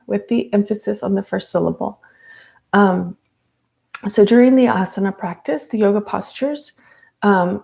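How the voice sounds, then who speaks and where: A woman's voice: mid-range voice, gravelly, darkish tone. A woman teaching a live yoga class, chatty, with frequent ums and light laughs.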